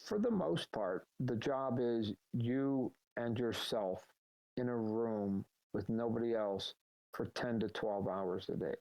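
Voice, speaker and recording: A middle-aged man, a guest in a casual live Q&A, telling animated, rambling stories over a voice chat call. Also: medium pitch, slow, creaky, low-quality recording. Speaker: guest answering fan questions.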